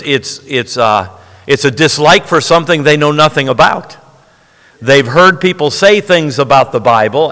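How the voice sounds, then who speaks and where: A man's voice: medium pitch, bright, forceful tone, big-room sound. A man preaching a sermon to a congregation, emphatic and folksy, often asking "all right?". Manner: emphatic, frequent "all right?" check-ins.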